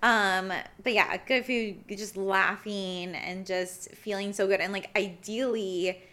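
A woman's voice: medium pitch, steady tone, slow pace, sharp tone. A young woman in casual conversation, talking reflectively with many fillers and restarts. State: briefly emotional. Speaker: podcast guest.

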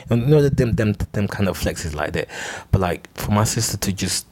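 A man's voice: low-pitched, fast talker, a little mellow, no echo. A young man telling a long, rambling story alone on his podcast. He stumbles over and repeats words and swears freely. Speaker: podcast host.

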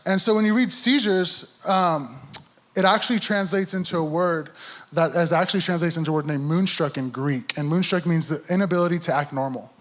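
A man's voice: a little high, brisk, fairly bright tone. A young adult man giving a heartfelt testimony in church, telling his story earnestly and acting out his inner dialogue. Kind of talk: sermon testimony.

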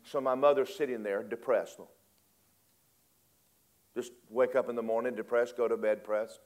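A man preaching a storytelling sermon, animated, acting out voices and laughing often. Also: mid-range voice, normal speed.

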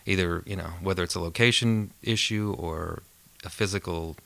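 A man with a low, gravelly voice and a bright, forward tone speaks as a podcast guest. He talks in a relaxed, thoughtful way and tells amused stories. The sound is close and dry. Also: moderate pace, no echo. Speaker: photographer and filmmaker guest. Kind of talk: casual podcast interview.

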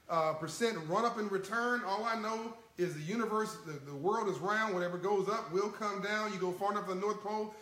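A man with a high voice talks to his livestream viewers in a casual, folksy way. He chuckles often and stays animated. The sound bounces around an echoey room. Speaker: livestream host.

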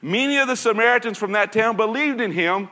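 A man's voice: high-pitched, a little fast, pushed and bright, big-room sound. A man leading an evening Bible lesson, earnest and repetitive, reading scripture aloud. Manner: earnest, repeats phrases, reads scripture aloud. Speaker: Bible teacher.

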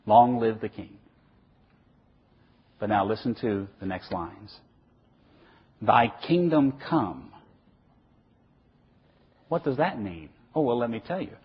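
A man's voice: mid-range voice, slow, long pauses, husky. A middle-aged man preaching a sermon in an emphatic way, asking questions and then answering them himself. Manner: animated, emphatic, asks and answers his own questions. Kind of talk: sermon lecture. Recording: dull lo-fi recording.

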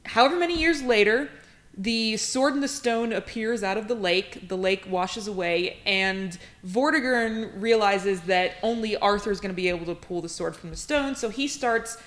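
A woman's voice: medium pitch, normal speed, fairly bright tone. A woman co-hosting a casual movie review chat, recapping the plot and laughing often. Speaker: podcast co-host.

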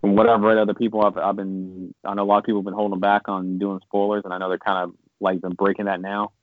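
A deep-voiced man rattles off his thoughts at speed, cursing freely and getting worked up as he rambles. The sound is thin and tinny like a phone line, and completely dry. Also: fast, dry recording. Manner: swears a lot, rambling and animated when venting. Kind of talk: casual gaming chat.

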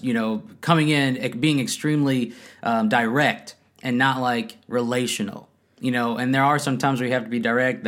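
A man in his thirties co-hosting a casual faith-based marriage talk at home, animated and laughing often as he acts out quotes. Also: mid-range voice. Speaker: podcast co-host. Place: home room, kids nearby.

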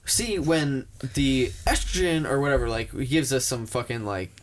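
A man's voice: mid-range voice, lively intonation, moderate pace, slight background noise, natural voice, rough recording. A man mimicking an old man stiffly reading.

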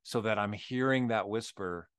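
A man's voice: on the low side, normal speed, clean tone, dry recording. A man co-hosting a faith podcast who tells stories candidly and keeps checking in with "right?". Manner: candid storytelling, tags with "right?". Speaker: podcast co-host. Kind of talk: casual faith conversation.

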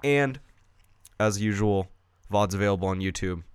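A man's voice: lowish voice, normal speed, smooth, dry recording, studio quality. Crude, jokey young man on a podcast. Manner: crude, jokey, swears freely. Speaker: podcast co-host. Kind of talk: casual podcast banter.

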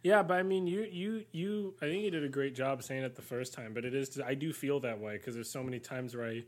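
A man's voice: mid-range voice, brisk. A man co-hosting a podcast, talking frankly and wryly and swearing freely. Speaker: podcast co-host. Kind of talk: candid podcast chat.

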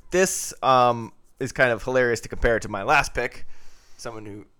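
A man's voice: medium pitch, normal speed, pushed and bright, clear, resonant tone. A man co-hosting a casual film podcast, wry and playful, ribbing his partner while discussing film picks. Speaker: podcast co-host.

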